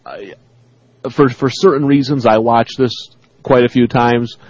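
A man's voice: mid-range voice, steady tone, unhurried, husky, no room sound. A man co-hosting a sports radio show, chatting casually and reading listener emails aloud, laughing often. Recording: dull dry radio studio sound.

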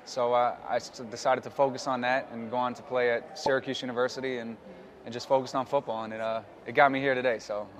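Fast-talking New York guy. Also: medium pitch. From New York City. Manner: relaxed, rambling with fillers. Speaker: football player. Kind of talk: casual interview answers.

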